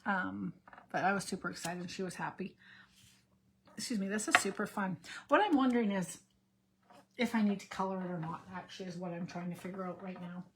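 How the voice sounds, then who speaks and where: A woman's voice: mid-range voice, fairly quick, noisy background. A middle-aged woman, hosting a card-making video in a casual, rambling way from her craft room at home, chatting straight to her viewers. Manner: rambling, self-interrupting, talks to viewers.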